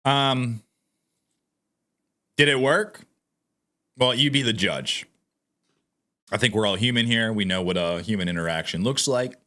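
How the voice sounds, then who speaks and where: A man's voice: lowish voice, unhurried, long pauses. A man giving sarcastic political commentary in a casual vlog, talking straight to his viewers. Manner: sarcastic, mocking; animated, addresses viewers directly.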